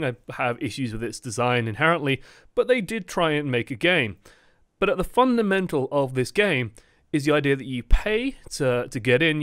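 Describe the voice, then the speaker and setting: A man hosting a gaming video, delivering a sarcastic, animated rant. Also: mid-range voice, clear, resonant tone, no echo, studio quality. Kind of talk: ranting commentary.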